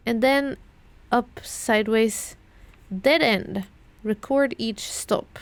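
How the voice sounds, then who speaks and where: British woman streamer, higher voice, slow and musing, talks herself through puzzles. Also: expressive, dry recording. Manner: muttering, puzzling things out slowly, repeating clues. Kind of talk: thinking aloud while playing a puzzle game.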